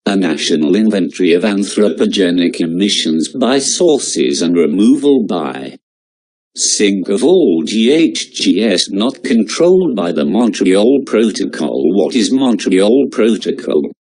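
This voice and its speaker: A man reading out exam-prep lecture notes in a slow, measured way. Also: lowish voice, very animated, a little mellow.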